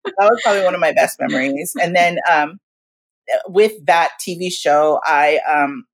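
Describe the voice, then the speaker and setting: A woman in her forties, guest in a casual interview, telling stories in an animated, slangy way and acting out what people said. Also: sits low, moderate pace. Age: 40s. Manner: animated, slangy, acts out quotes.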